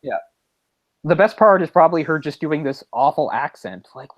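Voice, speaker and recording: A man's voice: fairly high pitch, lively intonation, moderate pace, no echo, highs cut off. A man co-hosting a podcast, casually retelling a story with mocking impressions. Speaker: podcast co-host. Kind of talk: casual chat.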